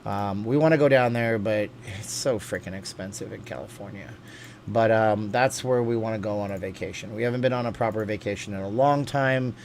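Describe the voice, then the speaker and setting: A man's voice: fairly low pitch, brisk, slight background noise. A man hosting a casual livestream, reading viewer comments aloud and rambling from topic to topic with lots of fillers. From USA. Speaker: livestream host reading chat.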